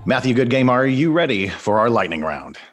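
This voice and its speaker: A man hosting an interview, upbeat and quick to laugh, running a rapid-fire question round. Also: medium pitch, sing-song, over music. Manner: upbeat, laughs often, brisk quiz questions. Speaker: podcast host. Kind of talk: casual interview.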